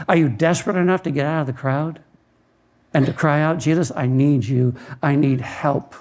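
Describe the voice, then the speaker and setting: A man, a pastor, preaching a sermon in a conversational storytelling way, often repeating words as he starts a phrase. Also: on the high side.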